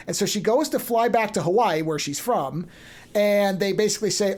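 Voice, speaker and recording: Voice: medium pitch, animated, a little fast, darkish tone. A podcast host in casual chat, animatedly retelling a story and briefly acting out the characters' lines. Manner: loose and chatty, frequent restarts.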